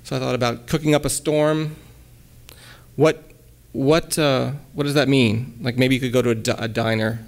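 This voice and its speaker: A man giving a relaxed lecture at a college, hesitating often with ums and restarts and reading his own poems aloud. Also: mid-range voice, moderate pace, vocal fry. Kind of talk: casual lecture with poem readings.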